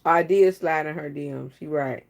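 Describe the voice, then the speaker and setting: A woman's voice: sits low, moderate pace, gravelly. Chatty woman live-streaming to viewers. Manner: chatty, teasing, talks straight to viewers. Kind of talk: casual live-stream chat.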